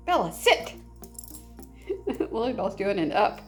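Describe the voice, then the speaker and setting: A woman's voice: sits high, animated, slow, pauses often, soft background music. A woman, hosting a crafting vlog at home in a bubbly, giggly way. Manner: bubbly, giggly, sweet-talking. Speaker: papercraft channel host. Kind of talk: casual vlog chat.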